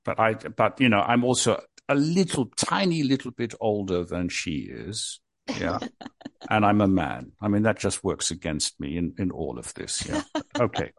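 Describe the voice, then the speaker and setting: Older man, low voice, dry close sound, self-mocking chatty podcast host. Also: sing-song, measured pace, vocal fry, no room sound. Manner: self-mocking, jokey, rambling. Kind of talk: casual podcast chat.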